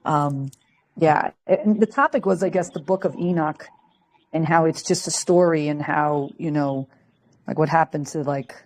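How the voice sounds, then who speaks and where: A woman's voice: low voice, measured pace, darkish tone, low-quality recording. A woman calling in to a group call, speaking hesitantly with many fillers. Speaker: caller. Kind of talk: casual call chat.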